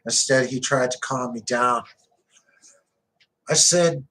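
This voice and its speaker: A man's voice: mid-range voice, measured pace, long pauses, fairly bright tone, rough recording. A man narrating an audiobook in the first person, with gritty, conversational storytelling.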